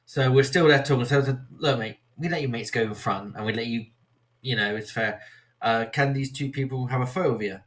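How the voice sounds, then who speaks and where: A man's voice: medium pitch, fairly quick. A man from Somerset with a West Country accent, hosting a casual chat and telling rambling stories. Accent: West Country English. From Somerset, England. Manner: rambling anecdotes, acts out quoted voices. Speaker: podcast host.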